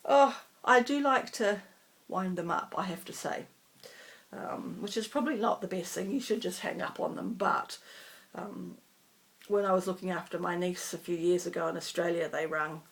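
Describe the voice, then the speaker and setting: Chatty woman with a gravelly voice. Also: on the low side, normal speed. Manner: chatty, rambling, self-deprecating. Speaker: cross-stitch vlogger. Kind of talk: casual chat.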